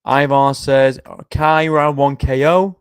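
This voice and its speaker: A man's voice: medium pitch, steady tone, takes it slowly, smooth, no room sound. Young guy streaming, knackered and yawning, swears a lot, dry close sound. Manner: chatty, swears often, reads chat aloud. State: tired, yawning. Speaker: livestream host making fight predictions. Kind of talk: casual chat.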